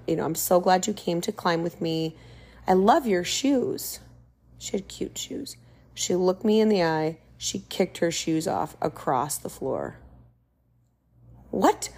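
A woman in her forties tells a story to camera in a casual, animated way. Her voice has a gravelly, creaky edge at a middle pitch. She sounds exasperated as she acts out the lines she quotes. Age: 40s. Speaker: vlogger.

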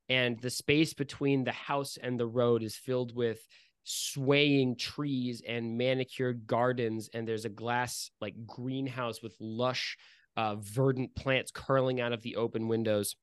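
Dude running a dnd game, playful narration, lots of ums, mid voice, dry sound. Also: male voice, medium pitch, fairly bright tone, clear, resonant tone, dry recording. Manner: vivid, playful scene-setting with frequent fillers. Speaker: game master.

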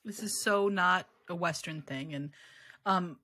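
A woman in her forties talks as an interview guest in a candid, self-deprecating way. Her voice sits a little low but cuts through bright and edgy, with a husky grain. The sound is close and dry. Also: unhurried, no echo. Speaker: podcast guest. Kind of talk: conversational interview.

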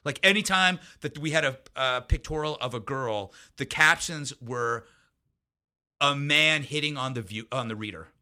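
Man, interview guest, very bright tense voice, mid pitch, rambling anecdotes, frequent restarts. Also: moderate pace. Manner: rambling, many restarts and asides. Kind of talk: casual interview storytelling.

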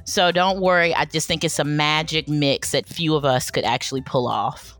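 A woman's voice: low-pitched, fairly even intonation, moderate pace, a bit bright. A woman author and professor talking candidly as a guest in an interview, thinking aloud as she goes. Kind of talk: casual interview conversation.

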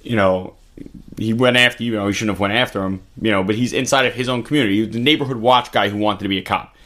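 A man's voice: lowish voice, steady tone, fast talker, fairly bright tone. A man giving blunt, profane political commentary in casual chat, co-hosting a talk video.

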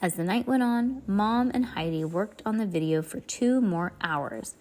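A woman reading a children's chapter book aloud at home, expressive and chatty, with playful asides to a young listener. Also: mid-range voice, a little slow. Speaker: reader of children's books.

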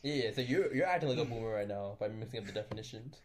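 A man's voice: on the low side, animated, very fast. A young man co-hosting a podcast, chatting with friends and rambling with lots of filler words and restarts. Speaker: podcast co-host. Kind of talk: casual chat among friends.

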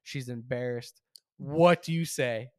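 Young guy on a podcast, teasing, laughs a lot, dry close-mic sound, average pitch. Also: slow, a little mellow, no room sound. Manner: laughs often, teasing, lays out hypotheticals. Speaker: podcast co-host. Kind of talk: casual podcast conversation.

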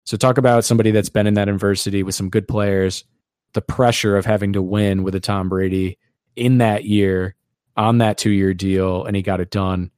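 A man's voice: fairly low pitch, level tone, normal speed, darkish tone, clean tone, no echo, clean studio sound. A man hosting a casual sports podcast, talking in a sarcastic, rambling way. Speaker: podcast host.

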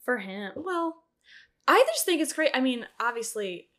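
A young woman chatting casually as a co-host, her voice sitting a little high. She fills her talk with "like" and her pitch jumps up often as she tells a story. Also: measured pace. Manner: chatty, heavy use of "like", animated rises. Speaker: podcast co-host. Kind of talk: casual chat.

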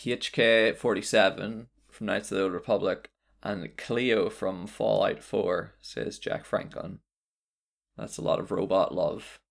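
A man's voice: fairly low pitch, fairly even intonation, a little slow, vocal fry. A man hosting a podcast, chatting casually and playfully while reading out listener suggestions. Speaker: podcast host. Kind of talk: casual chat.

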